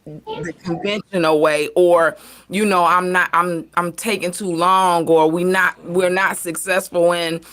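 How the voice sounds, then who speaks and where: A woman's voice: on the low side, fairly even intonation, measured pace, fairly bright tone. A woman hosting a casual panel talk, rambling with many fillers and restarts.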